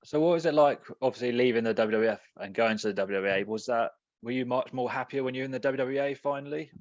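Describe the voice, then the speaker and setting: A man's voice: mid-range voice, fast, dry recording. Man, podcast host, short questions and brief agreement, dry lo-fi sound. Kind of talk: interviewing.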